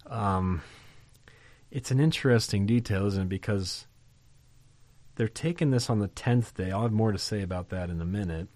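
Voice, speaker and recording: A man's voice: lowish voice, moderate pace, long pauses, darkish tone, dry recording. A man preaching a sermon in a conversational, emphatic way, often putting questions to his listeners. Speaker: pastor.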